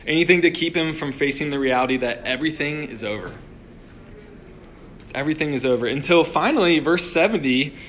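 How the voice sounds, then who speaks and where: A man's voice: medium pitch, fairly bright tone, a little hiss or hum. Man preaching in a casual, chatty way. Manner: conversational, lots of "like" and restarts. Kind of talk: casual sermon. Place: room with a live audience.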